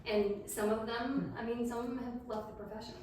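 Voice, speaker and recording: A woman's voice: fairly high pitch, fairly even intonation, brisk, darkish tone. A middle-aged woman, a health coach, chatting casually with a live audience at a community event, laughing at herself as she tells stories. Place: large room at a community event. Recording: echoey room, distant mic, faint background noise.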